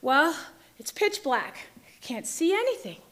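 A woman telling a personal story in a vivid, dramatic way, dropping to a hush and rising to shouts. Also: sits high, huge pitch swings, measured pace. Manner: vivid, dramatic retelling, shifting between hushed and shouting.

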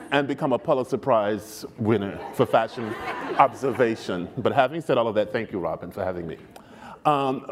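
An older man as a guest in a stage interview, speaking in a gracious, expansive and emphatic way as he tells stories. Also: medium pitch.

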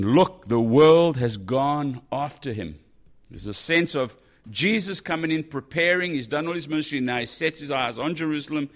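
A man preaching a sermon in a conversational, animated way, breaking into exclamations as he reads and explains a passage. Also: fairly high pitch. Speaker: pastor.

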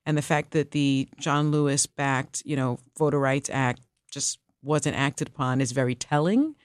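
A woman's voice: very deep voice, no room sound, studio quality. Emphatic opinionated woman podcast host. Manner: emphatic, opinionated, quick asides. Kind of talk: casual podcast chat.

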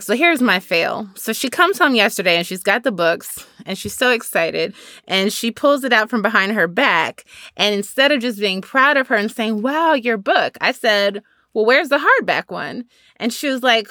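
Bright-voiced woman telling a story. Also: medium pitch, dry recording, clean studio sound. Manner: animated storytelling, acts out quotes. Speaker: podcast co-host. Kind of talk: casual chat.

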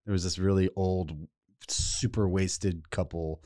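Deep laid-back man. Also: fairly even intonation, a little slow, dark tone, no room sound. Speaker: podcast host. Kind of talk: casual chat.

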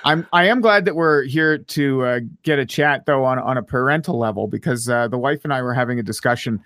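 A man's voice: medium pitch, a little fast, a bit bright, no echo, studio quality. A man in his thirties hosting a casual podcast chat, rambling with lots of fillers. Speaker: podcast host.

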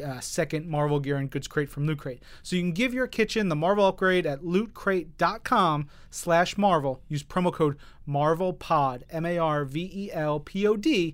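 A man's voice: on the high side, clean tone. A man co-hosting a podcast, casually reading a sponsor spot with many fillers and restarts. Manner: rambling, filler-heavy. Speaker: podcast co-host. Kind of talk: casual ad read.

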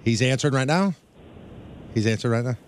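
A man's voice: mid-range voice, animated, quick pace, background noise. A man co-hosting a morning radio show, teasing the others and playing mock referee.

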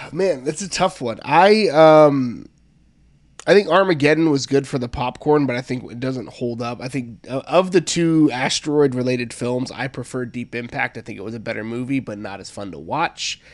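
A man, hosting a podcast in casual, measured, deliberate chat. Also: mid-range voice. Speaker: podcast host.

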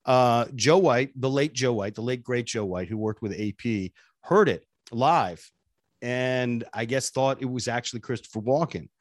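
Radio guy telling stories in an interview, lively, laughs a lot, dry close mic. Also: mid-range voice, moderate pace, no room sound. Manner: animated, laughs often, jumps between voices. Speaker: radio show personality, interview guest. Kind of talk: casual interview storytelling.

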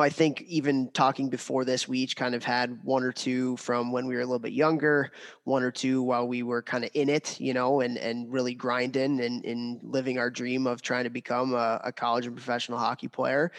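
A young adult man co-hosting a sports podcast, talking casually with many fillers and restarts. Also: mid-range voice. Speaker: podcast co-host.

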